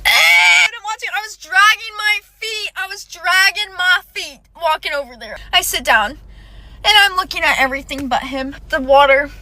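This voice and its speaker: A young woman telling a personal story in a casual, animated way, talking fast with lots of "like" and "okay". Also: extremely high pitch, a little hiss or hum.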